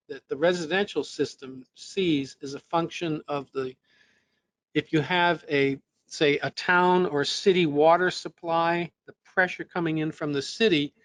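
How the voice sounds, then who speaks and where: A man's voice: on the high side, fairly bright tone. A man presenting a technical webinar lesson, explaining step by step with fillers and restarts, his voice a little worn. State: losing his voice.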